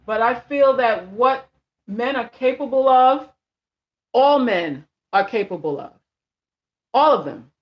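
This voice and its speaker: Her voice is a little high and animated, but she talks slowly with long pauses, and the sound is lo-fi. A vlogger and life coach, she chats casually on a livestream, bluntly and emphatically repeating phrases while reading viewer comments aloud and answering them.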